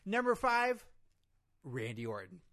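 A man's voice: sits high, big pitch swings, measured pace, fairly bright tone, exaggerated voice. A man impersonating a boastful male pro-wrestling villain, talking with a lisp in a pompous, bossy, rambling way. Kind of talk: comedic impression sketch.

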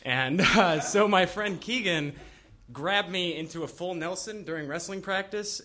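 Bright-voiced young man, sheepish storyteller. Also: high-pitched, measured pace. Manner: sheepish, rambling, with nervous laughs. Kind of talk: live comic storytelling.

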